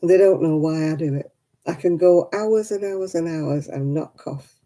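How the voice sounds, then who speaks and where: A woman's voice: low voice, normal speed, dark tone. A tired woman, hosting a casual livestream and chatting with her viewers by name. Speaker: livestream host.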